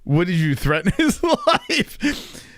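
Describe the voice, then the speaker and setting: A man in his thirties hosting a live stream, telling rambling, profane anecdotes in a casual, animated way. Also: sits high, slow, no room sound, clean studio sound. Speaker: stream host.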